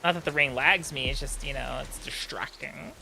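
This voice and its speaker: A man's voice: mid-range voice, moderate pace, gravelly, pushed and bright, slight background noise. A man chatting casually on a gaming stream, rambling with many fillers and restarts.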